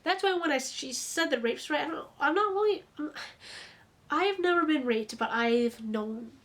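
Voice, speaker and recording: A woman's voice: high voice, expressive. A young woman telling a personal story to the camera at home, chatty, with restarts and asides. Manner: chatty, restarts often, quick asides to the viewer. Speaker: vlogger. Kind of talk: casual storytime. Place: room in her home.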